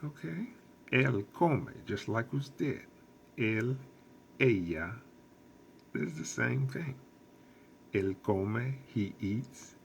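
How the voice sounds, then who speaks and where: A man teaching a recorded lesson as a Spanish teacher, explaining slowly and patiently with lots of repetition. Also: medium pitch, lively intonation, creaky, a little hiss or hum.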